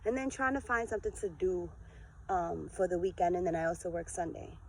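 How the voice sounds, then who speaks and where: A woman in her forties giving an earnest, lively motivational talk to her followers in a vlog. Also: lowish voice, a little fast, a little hiss or hum, poor audio. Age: 40s. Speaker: vlogger.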